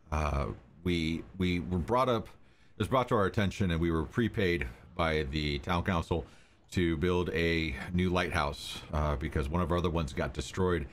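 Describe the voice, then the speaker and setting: A man voicing a stern, focused male dwarf major from a mariners guild, brisk and businesslike. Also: low-pitched, slight background noise. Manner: brisk and businesslike, plain-spoken. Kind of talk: game master voicing a character.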